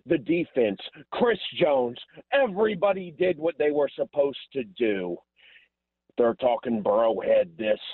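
A man's voice: medium pitch, no echo. A man calling in to a sports radio show, trash-talking brashly with theatrical swings in his voice, over a phone line. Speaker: caller. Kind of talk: excited fan call on phone line.

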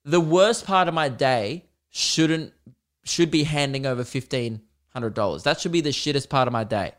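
A man's voice: medium pitch, normal speed, fairly bright tone. A man hosting a podcast alone, telling an exasperated and sarcastic story in a casual rant. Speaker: podcast host.

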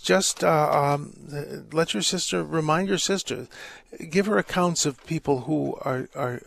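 A man's voice: fairly high pitch, no echo. A man, a priest hosting a call-in radio show, giving earnest pastoral advice with jovial asides. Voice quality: gravelly. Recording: dry close studio mic.

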